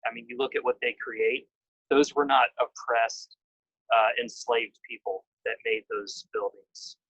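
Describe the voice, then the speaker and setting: A man in casual conversation, eager and rambling as he throws out his own theories, with a middle pitch and the odd curse. The sound is dry and close. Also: measured pace, creaky, no room sound, muffled recording. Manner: excited, rambling, drops casual swearing. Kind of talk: casual group chat.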